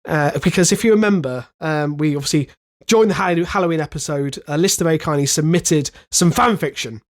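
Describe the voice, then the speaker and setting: A man's voice: fairly high pitch, a little fast. A man co-hosting a podcast, congested and nasal from a virus, talking hesitantly. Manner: hesitant, many fillers and restarts. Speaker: podcast co-host. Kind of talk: casual chat.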